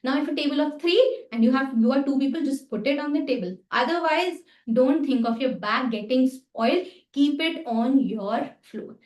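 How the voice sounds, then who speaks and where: A woman with an Indian English accent teaches table etiquette in a fairly high voice. She explains each step patiently and repeats short phrases as she shows them. Her voice sounds distant in a reverberant room. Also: normal speed, darkish tone. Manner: instructive, repeats phrases while demonstrating. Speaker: etiquette trainer. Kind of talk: workshop lesson with demonstrations. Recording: echoey room, mic at a distance.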